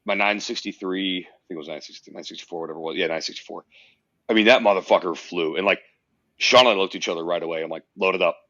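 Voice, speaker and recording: A man with a very low voice speaks as a podcast guest, emphatic and swearing freely as he tells his story. The sound is dry and a bit muffled, with no room around it. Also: racing, bright, forceful tone, dry recording. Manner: emphatic, swears often, tells stories intensely. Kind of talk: casual podcast conversation.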